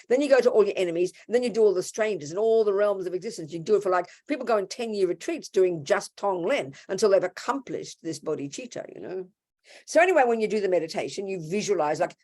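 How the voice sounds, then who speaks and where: Lady giving a dharma talk, blunt and informal, does little voices for the quotes. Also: medium pitch. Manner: animated, acts out quoted voices. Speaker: Buddhist teacher.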